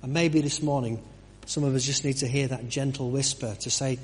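A man's voice: mid-range voice, fairly even intonation, brisk, big-room sound, a little hiss or hum. A man giving a conversational sermon, full of restarts and rhetorical questions. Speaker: preacher. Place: church.

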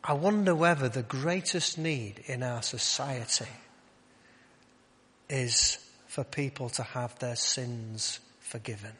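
A male preacher giving a conversational sermon, asking rhetorical questions and dropping to a quiet voice to stress points. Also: medium pitch, takes it slowly, breathy edge. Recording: long hall reverb.

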